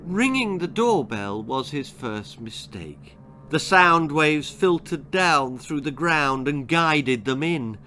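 A man reading his own spooky children's story aloud with unhurried, dramatic delivery. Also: fairly high pitch, animated, sharp tone, faint music behind.

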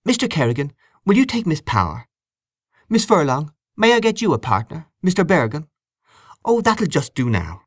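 A man voicing a brisk, polite young woman pairing up dance partners. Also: on the high side, sing-song, dry recording, studio quality, pitched above the performer's own voice. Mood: bustling. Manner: bustling, polite.

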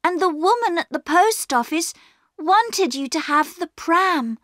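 A woman's voice: extremely high pitch, lively intonation, measured pace, pushed and bright, no room sound, clean studio sound, pitched above the performer's own voice, exaggerated voice. Woman doing an eager, pleading young girl.

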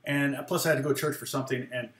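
Talking very fast in a steady, medium-pitched voice with a bit of brightness, a former worship leader turned guitar teacher rambles through a long story of his own. He laughs often and acts out people's words, and the sound is reverberant.

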